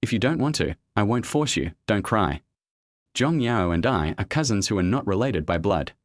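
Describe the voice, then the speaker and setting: Lively low-voiced male narrator. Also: no room sound. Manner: steady first-person storytelling. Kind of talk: narrated web comic recap.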